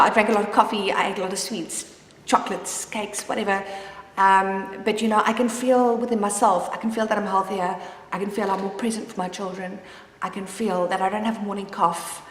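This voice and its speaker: A woman speaking as a mother shares her story in a confessional vlog, open and meandering, with many restarted sentences. Her mid-range voice is fairly even at normal speed, recorded in a reverberant room with slight background noise.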